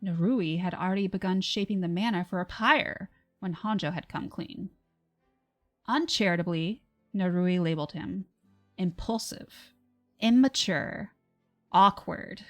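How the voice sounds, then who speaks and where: A woman reading her own fantasy novel on a livestream, with soft, measured narration and casual asides. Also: lowish voice. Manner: soft, measured narration, laughs between passages.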